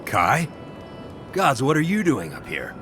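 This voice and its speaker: An actor playing a gruff male trapper in a game, blunt and scornful. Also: medium pitch, huge pitch swings, a little slow. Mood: hostile. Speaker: game character. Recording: game audio over music.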